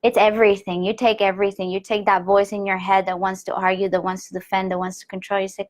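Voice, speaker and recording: A woman giving a spiritual lesson on a live online call, speaking softly and gently and often sinking into a hushed whisper, with slow, repeated phrases. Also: medium pitch, fairly even intonation. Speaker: spiritual teacher.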